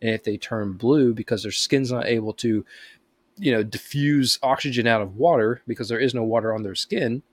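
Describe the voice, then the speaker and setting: A man's voice: mid-range voice, normal speed, no echo. A man co-hosting a podcast in casual chat, rambling through explanations with many fillers. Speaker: podcast co-host.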